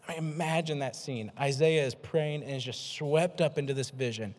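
A male pastor delivers a lively sermon, pitched a little high for a man, often repeating words to drive a point home and poking fun at himself. His voice rings out with a long reverb, as in a big church hall. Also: normal speed, few pauses. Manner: energetic, self-deprecating, repeats words for emphasis.

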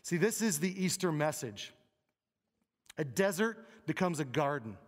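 Male pastor, slightly high voice, conversational emphatic sermon in a reverberant church hall. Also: very animated, a little slow. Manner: conversational, emphatic, asks the crowd questions. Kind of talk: Easter sermon. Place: church sanctuary. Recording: long reverb of a large hall.

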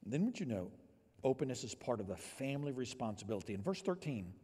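A male pastor preaching a sermon, swinging from hushed, near-whispered passages to loud, emphatic ones. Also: medium pitch, very animated, fast talker, husky, big-room sound.

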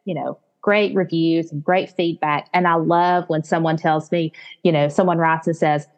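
On a podcast, a business founder in her late forties from the American South shares her story as a guest. She has a deep voice, speaks at a normal speed, and narrates with warmth and animation, often quoting her own thoughts.

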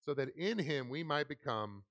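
Gravelly-voiced pastor preaching earnestly. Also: male voice, on the high side, expressive, normal speed, fairly bright tone, no echo. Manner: storytelling, self-deprecating, earnest. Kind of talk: sermon with scripture reading. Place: church sanctuary.

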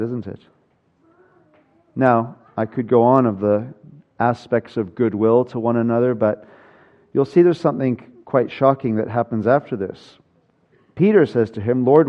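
A man preaching a sermon, telling stories with wry humor and building emphasis. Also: mid-range voice. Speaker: pastor. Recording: dull lo-fi sound.

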